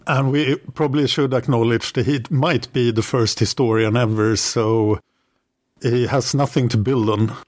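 A man's voice: mid-range voice, steady tone, normal speed, dry recording. A man co-hosting a casual history podcast, adding short, wry remarks and dry jokes. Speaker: podcast co-host.

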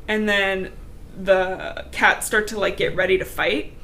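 A woman's voice: medium pitch, steady tone, unhurried, pushed and bright, a little hiss or hum. A young woman co-hosting a podcast, recapping a book in casual chat, laughing often and swearing casually.

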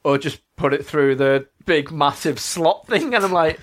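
A young man in casual chat, telling an animated story and jumping into the voices of the people in it. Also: on the high side, measured pace.

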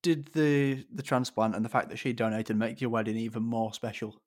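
A man interviewing a guest, asking questions in a relaxed, conversational way. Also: medium pitch, fairly quick.

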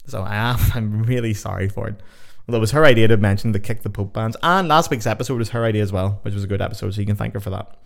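A man's voice: on the low side, very fast, vocal fry, few pauses. A young Irish man hosting his own podcast, talking casually and rambling, swearing freely. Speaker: podcast host. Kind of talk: casual solo podcast chat.

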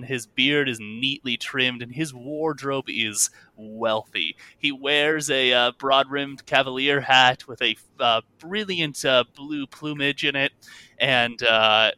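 A man's voice: mid-range voice, slow pace, bright, forceful tone, no room sound. A man narrating as game master in a tabletop game, loose and full of fillers and restarts.

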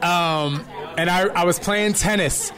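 A loud crowd creates heavy background noise as a middle-aged man, a fitness instructor, speaks in a high-pitched voice at a slow pace. It's a casual, energetic chat in which he tells stories and acts out quotes.

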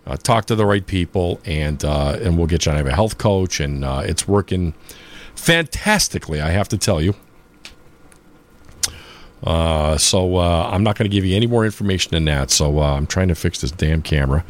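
A man's voice: deep voice, animated, moderate pace. Rambling, upbeat male polka show host. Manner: rambling, full of filler sounds and restarts; chatty and upbeat in his shout-outs. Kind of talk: casual chat on a live stream.

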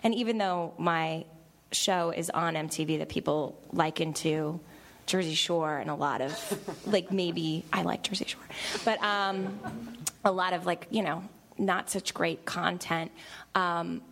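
A woman's voice: fairly low pitch, a little slow, vocal fry, crowd noise. A woman in her thirties, a TV creator on a panel, talking in an emotional, chatty way with many restarts and fillers. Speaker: panel guest, TV show creator. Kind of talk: panel discussion.

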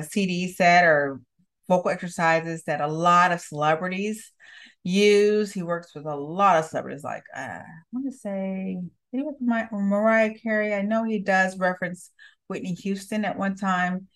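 A woman's voice: mid-range voice, moderate pace, a bit bright. A woman communication coach hosting her show, talking listeners through voice habits in a direct, encouraging way. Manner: direct, encouraging, repeats words for emphasis. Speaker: communication coach and podcast host. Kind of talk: coaching monologue.

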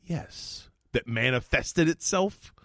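A man co-hosting a podcast in casual chat, excitable, gasping, laughing and swearing as he talks. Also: mid-range voice, slow, dry recording, studio quality. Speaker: podcast co-host.

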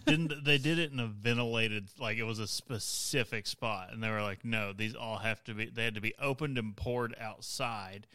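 A man's voice: fairly low pitch, moderate pace, few pauses, bright, forceful tone, no room sound. A man co-hosting a podcast, telling a story with emphatic repetition. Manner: emphatic, repeats points for effect. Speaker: podcast co-host. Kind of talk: casual storytelling.

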